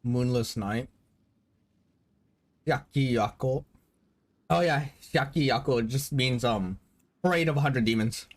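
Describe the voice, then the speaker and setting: A man's voice: mid-range voice, slow, long pauses. A man streaming a game, rambling casually, swearing and stammering, with a headache. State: has a headache. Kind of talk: casual live-stream commentary.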